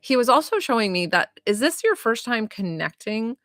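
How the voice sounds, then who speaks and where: A woman's voice: fairly high pitch, big pitch swings, moderate pace, a bit bright, no room sound. Woman medium doing a live reading, gushy and teary, says like a lot, dry close sound. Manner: gushing, emotional, heavy use of "like" and "um"; often near tears. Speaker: psychic medium. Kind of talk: live-streamed psychic reading to viewers.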